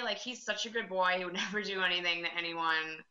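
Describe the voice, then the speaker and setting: A woman performing a stand-up comedy set, deadpan with chatty filler words. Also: fairly low pitch, quick pace, few pauses, muffled recording. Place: club room with live audience. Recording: echoey room.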